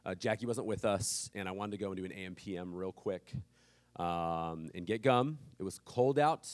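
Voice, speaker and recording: A man's voice: sits low, normal speed, no room sound. Man preaching with casual humor. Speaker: pastor. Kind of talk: sermon.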